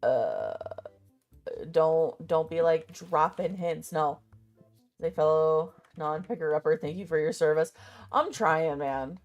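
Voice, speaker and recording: A young woman chats casually in a low, unhurried voice, sassy and quick to swear. She rambles and mutters to herself as she goes through a list, with faint music behind her. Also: expressive, a little mellow, muffled recording. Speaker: vlogger. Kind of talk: casual chat.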